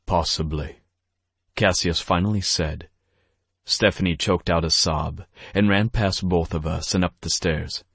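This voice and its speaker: A man with a very deep, husky voice reads a romance audiobook in first person. His delivery is gruff and measured, unhurried. The recording is dry and close, from a studio mic. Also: steady tone, fairly bright tone, no room sound. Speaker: audiobook narrator.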